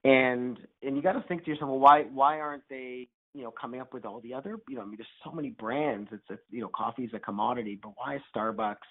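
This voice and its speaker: Casting: male guest, mid-pitched voice, rambling with restarts, phone-line sound. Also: quick pace, hardly any pauses, breathy edge. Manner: rambling with many restarts and fillers. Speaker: guest, startup founder. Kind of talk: interview answers. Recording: tinny phone-line audio.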